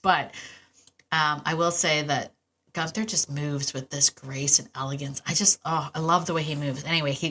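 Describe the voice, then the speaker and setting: A middle-aged woman with a low-pitched voice talks casually on her podcast. Her tone is bright and forceful, and she gets enthusiastic and chatty, with frequent asides. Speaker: podcast host and dog trainer. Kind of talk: casual solo podcast talk.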